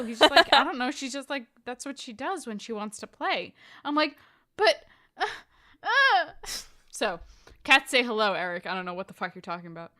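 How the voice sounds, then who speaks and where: Bright, excitable woman podcaster. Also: high-pitched, a little fast. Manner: excitable, joking, swears freely. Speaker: podcast co-host. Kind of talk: casual chat.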